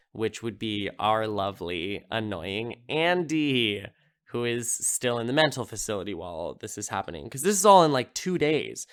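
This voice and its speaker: Smooth-voiced man rambling through a recap. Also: mid-range voice. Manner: rambling, filler-heavy, amused. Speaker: podcast host. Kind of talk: casual film recap.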